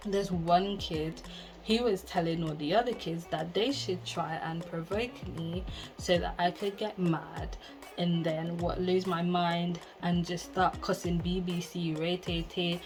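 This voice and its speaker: A woman's voice: fairly low pitch, steady tone, a little slow, poor audio. A young woman in her twenties with a Jamaican accent, telling a candid, exasperated story in casual chat and slipping into patois. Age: 20s. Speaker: vlogger. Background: soft background music.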